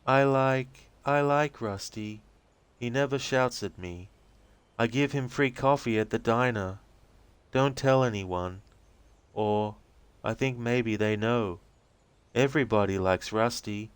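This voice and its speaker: A man's voice: mid-range voice, clean tone, no room sound, voice pushed up, natural voice. A man doing a sobbing, dazed young waitress. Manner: halting, tearful, slow and pleading. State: crying. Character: fragile, confused young waitress, tearful and dazed. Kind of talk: reading game transcripts aloud with voices.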